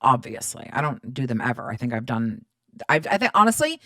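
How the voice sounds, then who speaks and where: A woman in her thirties hosting a podcast, telling stories in a chatty, animated way, swearing freely and acting out both sides of each exchange. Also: a bass voice, brisk, no echo. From Middle Eastern background. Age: 30s. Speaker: podcast host. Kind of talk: casual storytelling monologue.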